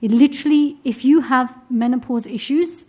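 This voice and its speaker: Young woman leading a class, high and lively, encouraging, chuckles easily. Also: normal speed. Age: young adult. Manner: lively, encouraging, laughs often. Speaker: womb health teacher. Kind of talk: workshop teaching to a live group. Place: room with a seated group.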